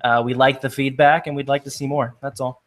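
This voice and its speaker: A man's voice: medium pitch, flat delivery, a little fast, slight background noise. A man co-hosting a casual podcast, friendly and easygoing, with lots of ums. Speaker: podcast co-host.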